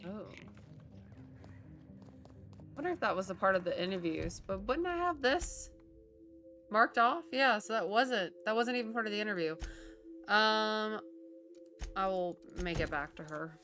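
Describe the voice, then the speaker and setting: A woman giving casual let's-play commentary, chatty, reacting out loud and laughing. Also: mid-range voice, expressive, moderate pace. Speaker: gameplay streamer. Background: game music.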